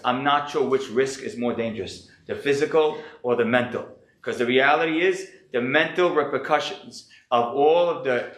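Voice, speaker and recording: Sick-voiced rabbi lecturing in an echoey room. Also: male voice, mid-range voice, sharp tone. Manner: earnest, reflective, thinking aloud. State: sick, slightly hoarse. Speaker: rabbi teaching a class. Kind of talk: earnest lecture.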